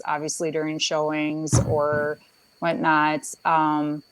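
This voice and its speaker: A woman's voice: low-pitched, monotone, slow, no echo, low-quality recording. A woman talking casually about staging and photographing homes, hesitant with many restarts and fillers, speaking over a phone on a video call. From Minnesota. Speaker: home stager and photographer. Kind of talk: casual live chat.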